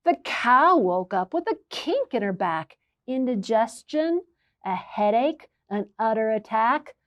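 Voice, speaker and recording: A woman's voice: on the high side, slow, lo-fi sound. A woman who works as a children's librarian, reading a picture book aloud and asking her listeners questions as she goes. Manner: expressive storyteller who asks listeners questions.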